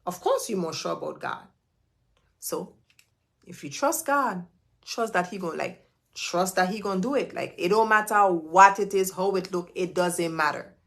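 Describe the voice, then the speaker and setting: A woman with a lowish, creaky, fairly bright and expressive voice speaks at a moderate pace to her live viewers, acting as their business coach. Preachy and emphatic in her motivation, she hammers points by restating key phrases two or three times.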